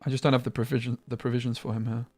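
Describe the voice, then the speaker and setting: A man's voice: medium pitch, flat delivery, rapid-fire, a little mellow, no room sound, faint music behind. A man streaming a card game, chatting casually and muttering asides with mild slang. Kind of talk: casual gameplay commentary.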